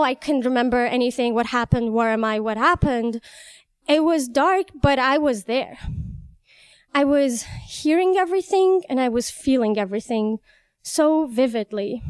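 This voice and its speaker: A young woman from Iran telling a personal story, animated and vivid, laughing at herself now and then. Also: fairly high pitch, smooth, no room sound. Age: young adult. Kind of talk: personal story told live.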